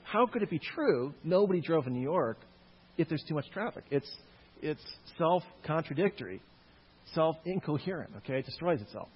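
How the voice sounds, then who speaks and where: A man's voice: a little high, very animated, normal speed, slightly rough. A man lecturing a live audience on Christian apologetics, with jokey asides to the crowd. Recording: echoey hall, dull lo-fi sound.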